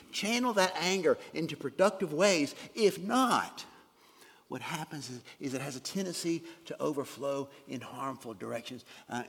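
A man preaching a sermon in an earnest way, with a gravelly, husky voice, dropping to soft whispers for emphasis. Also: on the high side, long reverb tail. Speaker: pastor.

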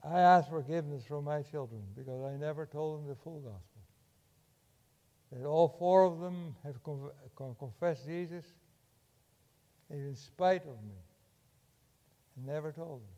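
An older man preaching a sermon in a church, impassioned, swinging from loud urging to hushed tones. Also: a little high, unhurried, long pauses, long reverb tail, dull audio.

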